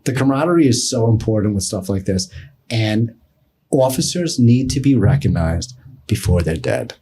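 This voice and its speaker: A middle-aged man, telling a story with a husky, slightly rough voice. He is animated, switches into other people's voices as he acts out their lines, and swears casually. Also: lowish voice, moderate pace. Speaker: podcast guest.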